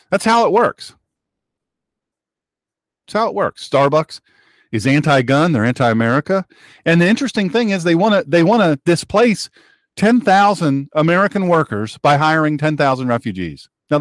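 A man's voice: a little high, no room sound, clean studio sound. A man hosting a political talk show, delivering an opinionated, rambling monologue, repeating phrases for emphasis and reading out listener messages. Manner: reads listener chat messages aloud.

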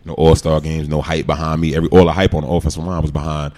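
A man in his forties with a very deep, low voice. He tells stories as a guest in a relaxed interview and slips into the voices of the people he quotes. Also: very fast. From New York. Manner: animated storyteller who acts out quoted lines. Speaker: guest, former pro football player. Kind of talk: casual podcast storytelling.

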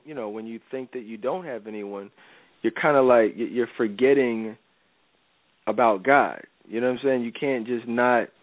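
A man's voice: mid-range voice, no room sound. A man hosting a faith-based advice radio show. He talks in a casual, slangy, preachy way and keeps asking "you know what I'm saying". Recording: dry, tinny phone-like radio audio.

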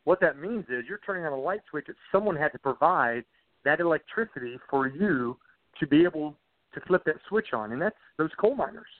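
A man's voice: fairly high pitch, lively intonation, fairly quick, no room sound. A man from Southern West Virginia, an actor talking as a podcast guest in an earnest, heartfelt way. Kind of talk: podcast interview. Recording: tinny phone-like audio.

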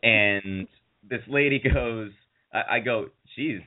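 A man's voice: mid-range voice, slow. A man casually telling a long, rambling anecdote in a chat show, swearing freely and acting out what other people said. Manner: rambling, profane anecdotes with acted-out quotes. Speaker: podcast co-host. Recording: tinny phone-like audio.

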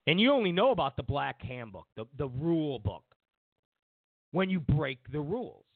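A man's voice: fairly high pitch, sing-song, normal speed, dry recording. A man hosting a political commentary show, rambling and digressive with a sarcastic edge. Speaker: show host. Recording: tinny phone-like dry recording.

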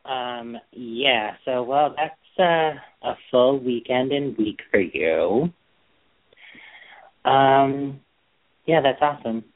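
A man's voice: mid-range voice, slow pace. A man co-hosting a podcast, chatting casually in a sassy, playful, teasing way. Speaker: podcast co-host. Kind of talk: casual gossipy chat. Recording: tinny phone-like line.

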